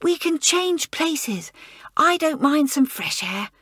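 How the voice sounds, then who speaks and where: A woman's voice: sits high, sing-song, takes it slowly, no room sound, voice pushed up, exaggerated voice. A woman doing a spirited young schoolgirl. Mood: hushed. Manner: hushed, eager whispering. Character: spirited, well-meaning schoolgirl at camp.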